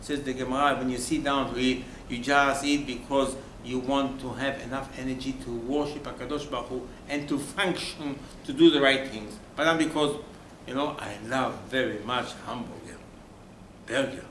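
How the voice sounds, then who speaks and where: A man's voice: mid-range voice, normal speed, a bit bright. A man, a rabbi, giving an emphatic Torah sermon, firing rhetorical questions at his listeners and dropping suddenly to a near-whisper. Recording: roomy room with faint ambient noise.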